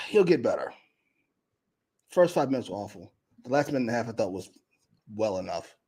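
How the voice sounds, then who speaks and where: A man co-hosting a wrestling review, talking in an exasperated, sarcastic way and often trailing off quietly. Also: fairly low pitch, very animated, normal speed, husky. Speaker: co-host. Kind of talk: casual podcast banter.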